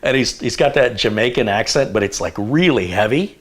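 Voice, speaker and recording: A man's voice: medium pitch, lively intonation, a little fast. A man from the United States hosting a live tech stream, chatting casually and telling long rambling stories. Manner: rambling anecdotal storyteller.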